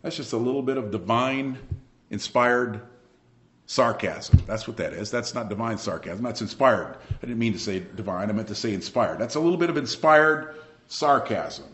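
A man's voice: medium pitch, normal speed. Emphatic male preacher in an echoey room. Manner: animated, emphatic, with sudden loud bursts and quiet asides. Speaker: pastor. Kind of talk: sermon.

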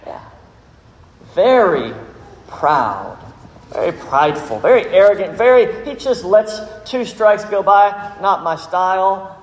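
A man preaching a sermon as pastor, telling a story with measured, dramatic emphasis. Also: high-pitched, very animated. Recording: echoey hall with long reverb.

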